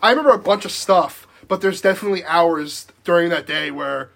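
A man's voice: high-pitched, brisk, gravelly, fairly bright tone. A young man telling a rambling story in casual podcast chat, full of likes and restarts and laughing as he goes. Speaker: podcast guest.

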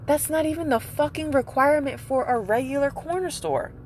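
A woman's voice: high-pitched, fairly quick. A young woman, a mother, ranting angrily with heavy swearing in a casual vlog. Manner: angry, profane, emphatic ranting. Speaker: mother venting. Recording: noisy street background.

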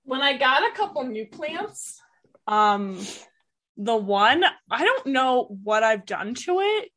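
A woman's voice: high voice, very animated, slow, fairly bright tone. A woman co-hosting a podcast in casual chat, rambling and laughing often, recorded over a remote call. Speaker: podcast co-host.

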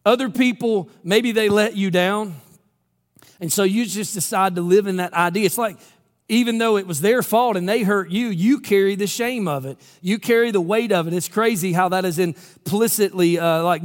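Male pastor, high voice, dramatic preaching style, church sanctuary with long reverb. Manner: dramatic storytelling, drops to a low hush for emphasis. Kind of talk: sermon.

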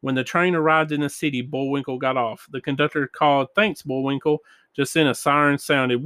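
A man reading children's storybooks and prayers aloud, with gentle sound effects and small voices. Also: medium pitch, smooth, no echo, clean studio sound. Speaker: reader of children's books.

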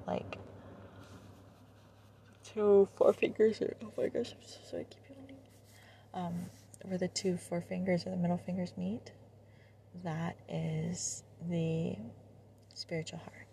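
A woman hosting a podcast, leading a guided meditation in a gentle, drifting voice that often drops to a half-whisper. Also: lowish voice, vocal fry, a little hiss or hum. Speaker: podcast host.

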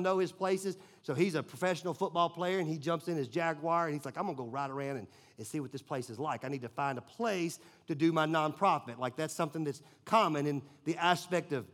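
A Southern man from Tennessee preaching in a church. His voice sits a little high, and he tells the story with animated swings from loud bursts to near-hushed moments. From Nashville, Tennessee, US. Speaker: pastor. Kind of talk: sermon storytelling.

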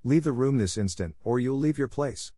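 A man's voice: medium pitch, lively intonation, normal speed, warm tone, no echo, clean studio sound, pitched above the performer's own voice, lightly acted. A man voicing a stern, cold middle-aged headmistress who talks down to a child. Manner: harsh, scolding.

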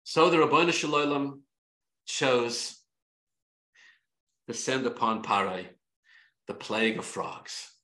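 A man, a rabbi, teaching a Torah class in an animated way, repeating himself and restarting phrases. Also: mid-range voice, takes it slowly, long pauses, reverberant. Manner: animated, repetitive, many restarts.

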